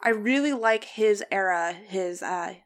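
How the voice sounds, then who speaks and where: A woman's voice: mid-range voice, unhurried. An enthusiastic young woman talks casually about movies as a podcast co-host. Her delivery is chatty and eager. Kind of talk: casual film discussion.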